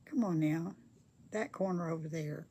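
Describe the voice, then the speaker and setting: A woman's voice: deep voice, normal speed, dark tone, slight background noise. An older woman chats casually with viewers during a craft livestream, reading their comments aloud in a folksy way. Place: home craft table.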